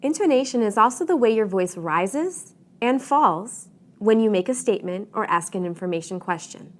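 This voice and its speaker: A woman, giving a scripted English pronunciation lesson with clear, deliberate emphasis. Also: medium pitch, lively intonation. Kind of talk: scripted instructional narration.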